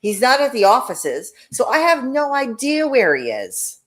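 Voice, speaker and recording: A woman co-hosting a chat show, talking in an animated, gossipy way and swearing freely. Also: a little high, measured pace. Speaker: co-host. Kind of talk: casual chat.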